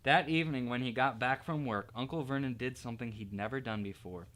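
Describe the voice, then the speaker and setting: A man, an art teacher, reading a children's storybook aloud in an expressive, playful way. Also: mid-range voice, fairly quick.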